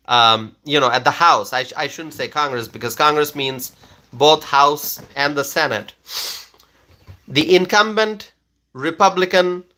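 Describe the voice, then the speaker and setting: A man with a high, bright voice hosts a political livestream and reads viewer comments aloud. He talks at an unhurried pace. He stresses each claim, repeats himself, and keeps checking in with "okay?".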